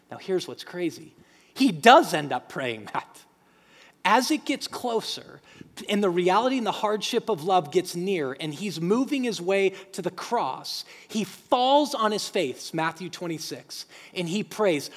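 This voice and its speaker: A man preaching a sermon as pastor, emphatic and animated, quoting scripture in acted voices. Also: sits high, measured pace. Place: church sanctuary. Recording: long hall reverb.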